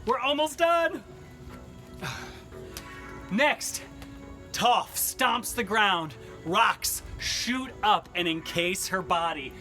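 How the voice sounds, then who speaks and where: A cheery man with a high, bright voice leads a workout class at an unhurried pace. He mixes cues with puns, and faint music plays behind him. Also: lively intonation. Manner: upbeat, cheery, cracks puns. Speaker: fitness instructor. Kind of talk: live-streamed workout class with jokes. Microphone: camera mic he adjusts.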